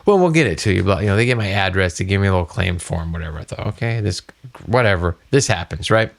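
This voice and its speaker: Speaking fast in a low voice with vocal fry, a middle-aged podcast co-host narrates a story in casual conversation. He's animated and acts out the voices of those involved.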